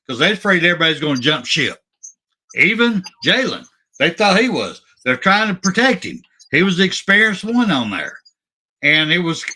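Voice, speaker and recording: A man's voice: a little high, sharp tone. A man hosting a casual sports talk show, opinionated and emphatic, often restarting his sentences.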